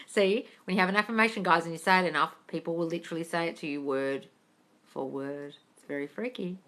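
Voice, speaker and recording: A woman with a fairly low voice talks fast over a phone livestream that carries a little hiss or hum. Hosting a casual live Q&A, she answers viewer questions bluntly and with plenty of swearing, calls people darling, and squeals and laughs at their comments in an animated way.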